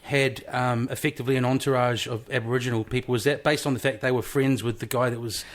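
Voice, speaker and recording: A man hosting a podcast in casual chat, often chiming in with quick agreement. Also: medium pitch, fairly even intonation. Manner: frequent short agreeing interjections. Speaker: podcast host.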